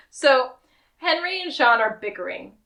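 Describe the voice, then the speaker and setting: A woman's voice: high-pitched, vocal fry. A woman co-hosting a podcast, casually recapping a TV episode and acting out the characters' lines with laughs. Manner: animated, acts out quotes with laughs. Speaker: podcast co-host.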